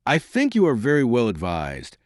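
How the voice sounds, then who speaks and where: A man playing an ironic gentleman who speaks gravely and dryly. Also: medium pitch, wildly swooping pitch, moderate pace, no room sound. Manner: dry, ironic. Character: ironic, gloomy gentleman adventurer.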